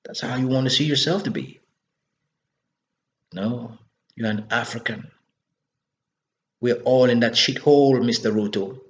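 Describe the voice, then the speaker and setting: A man speaks in an impassioned political monologue, hammering his points with repeated rhetorical questions. His voice sits at a middle pitch. The recording sounds dull and lo-fi. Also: unhurried, long pauses. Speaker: political commentator.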